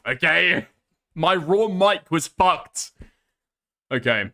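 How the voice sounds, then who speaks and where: Sweary animated streamer. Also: male voice, fairly high pitch, slow, long pauses. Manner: sweary, animated, talking to chat. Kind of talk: casual livestream chat.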